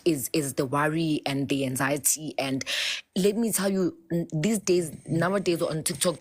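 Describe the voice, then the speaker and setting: A woman, talking in a casual, expressive way on a live chat show and mixing local words into English. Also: sits low.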